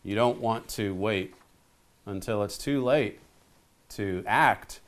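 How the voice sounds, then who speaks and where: A man's voice: on the low side, takes it slowly. A man preaching a sermon, reading scripture aloud and urging his listeners with earnest conviction. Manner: earnest, urgent, reads scripture aloud then exhorts. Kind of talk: sermon-style Bible teaching.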